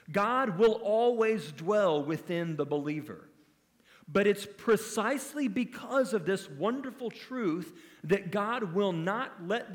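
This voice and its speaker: A high-pitched male pastor preaches an expository sermon, teaching in an earnest, emphatic way and putting rhetorical questions to his listeners. The recording has a big-room sound.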